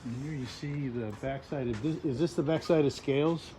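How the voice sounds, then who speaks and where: A man's voice: mid-range voice, normal speed, noisy background. A man hosting a casual walking vlog outdoors along a waterfront, giving chatty, joking tour-guide commentary. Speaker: vlog host.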